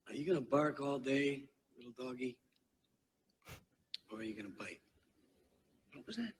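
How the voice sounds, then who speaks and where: A cool, taunting gangster. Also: male voice, mid-range voice, expressive, pushed and bright, a little hiss or hum. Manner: slow, cool, taunting delivery. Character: cool menacing male gangster, calm and taunting.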